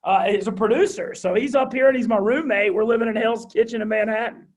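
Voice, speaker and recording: High-energy Southern drawl man, husky. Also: fast. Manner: high-energy, animated, excited. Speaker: guest, radio host. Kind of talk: interview storytelling.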